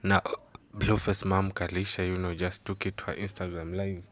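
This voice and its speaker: A man's voice: deep voice, flat delivery, moderate pace, a bit bright. A man hosting a celebrity gossip news channel, leaning heavily on filler phrases as he recaps. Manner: leans heavily on "you know" fillers. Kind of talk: news commentary.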